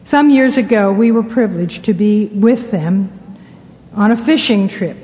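A woman's voice: mid-range voice, measured pace. A woman giving a Christian sermon-style talk, telling personal anecdotes. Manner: warm, anecdotal storytelling. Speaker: Christian speaker. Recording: long hall reverb.

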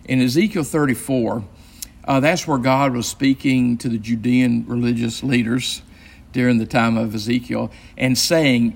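A man's voice: medium pitch, fairly even intonation, normal speed, vocal fry. A man, a pastor, leading a Bible study in a conversational, explanatory way with frequent fillers and restarts.

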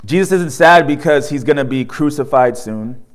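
Slightly high-voiced man preaching a sermon. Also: normal speed. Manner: animated storyteller, asks rhetorical questions, tags lines with "right?"; drops soft and low at solemn points. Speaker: pastor.

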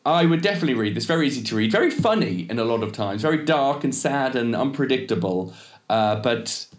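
A man's voice: mid-range voice, animated, fairly quick, echoey room. A man co-hosting a podcast in casual chat, rambling and cutting himself off often. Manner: rambling, self-interrupting, laughs often. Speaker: podcast co-host.

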